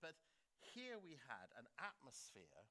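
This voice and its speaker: An older man from England giving an anecdotal speech at a book launch, animated and laughing often as he acts out quotes. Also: medium pitch, takes it slowly. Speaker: guest speaker at a book launch. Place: school theatre.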